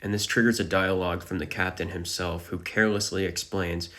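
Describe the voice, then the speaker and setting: A man's voice: deep voice, fairly even intonation, brisk, few pauses, sharp tone. A man narrating a dramatic recap of a manga chapter.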